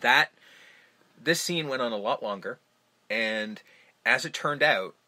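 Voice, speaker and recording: Man, podcast host, bright voice, casual film chat, swears a lot. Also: medium pitch, measured pace. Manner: animated retelling of movie scenes, heavy swearing.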